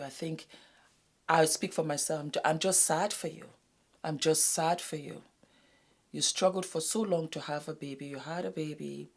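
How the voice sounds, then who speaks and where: A woman from West Africa hosting a casual commentary video, talking earnestly to her viewers and dropping to a hushed whisper to stress a point. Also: deep voice. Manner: addresses viewers as "my darlings". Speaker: YouTube host.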